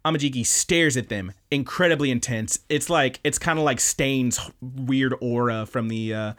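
A man hosting a podcast, casually recapping anime episodes with animated, profane storytelling. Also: mid-range voice, normal speed. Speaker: podcast host.

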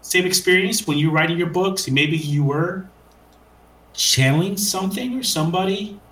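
A man hosting a relaxed conversation, eager and rambling, stumbling over his words as he goes. His voice is bright and a little high. The sound carries the echo of a hard room. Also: normal speed. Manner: enthusiastic, rambling, hesitant. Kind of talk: casual podcast conversation.

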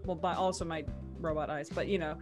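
A woman's voice: low voice, fairly even intonation, brisk, darkish tone, soft background music. A woman playing a tabletop role-playing game, talking in a rambling, playful way. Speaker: player. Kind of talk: casual tabletop game talk.

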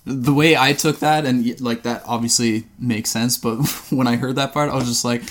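A man's voice: mid-range voice, fairly even intonation, moderate pace. Give me a man co-hosting a movie review podcast, rambling and laughing between swears. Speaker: podcast co-host. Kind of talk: casual movie review chat.

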